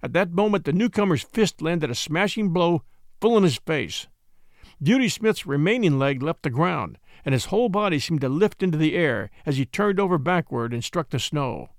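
A man narrating an adventure story aloud in an expressive, dramatic reading. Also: fairly high pitch, moderate pace, dry recording, studio quality. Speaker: audiobook narrator.

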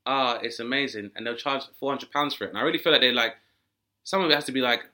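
A man, a comedian guest, riffing with animated storytelling and jumping into high-pitched voices for the characters he describes. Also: racing.

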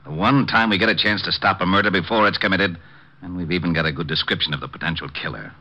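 An actor playing an exasperated, gruff male police lieutenant in a 1940s radio drama. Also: low-pitched, fast talker, sharp tone. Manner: exasperated, blunt. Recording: dull old radio recording.

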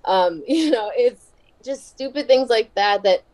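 Mellow-voiced woman chatting as a guest. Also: fairly high pitch, lively intonation, a little slow, low-quality recording. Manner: chatty, laughing often, many fillers. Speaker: wrestler and podcast guest. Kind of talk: casual interview chat.

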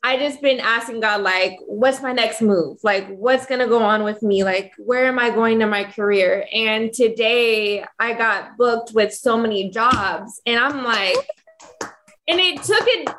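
A woman's voice: a little high, unhurried, fairly bright tone. A woman guest on a podcast, speaking earnestly and thoughtfully with frequent "um" and "like.". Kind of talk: casual reflective chat.

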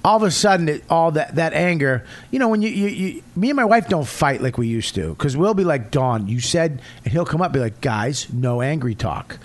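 Man, middle-aged, profane, blunt, a bit high-pitched. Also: sing-song, a little fast, few pauses. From Boston area, USA. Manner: profane, blunt storytelling with loud outbursts. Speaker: comedian guest. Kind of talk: casual podcast chat.

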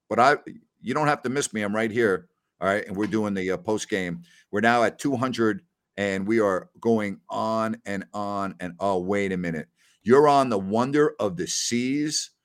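A man hosting a casual post-game livestream, animated as he reads out viewer comments. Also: lowish voice. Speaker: podcast host.

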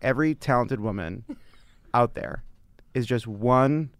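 A man's voice: medium pitch, a little slow, no echo, studio quality. A man guesting on a podcast, talking candidly in a casual chat and laughing often.

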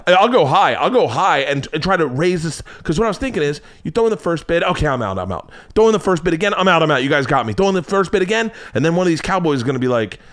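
A man in his forties hosting a podcast, telling a story in an animated way, acting out every character and swearing freely. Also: fairly high pitch, fast talker, hardly any pauses. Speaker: podcast host.

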